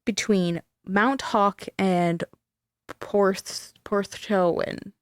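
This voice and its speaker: A woman's voice: medium pitch, normal speed, no echo. Chatty woman host recorded dry and close. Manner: chatty, swears freely, tells the story. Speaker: podcast host. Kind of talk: casual chat.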